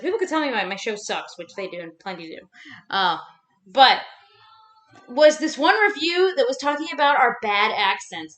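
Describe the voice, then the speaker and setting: Young woman ranting on her vlog, high bright voice, swears a lot, bouncy pitch, echoey room. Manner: rambling, swears freely, animated ranting with fillers. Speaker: vlogger. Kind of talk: casual ranting chat. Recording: roomy echo.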